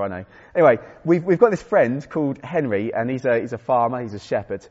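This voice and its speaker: His mid-range voice is darkish, brisk and lively in intonation as he delivers a conversational sermon. He pokes fun at himself and restarts often, and the audio is dull with hall reverb.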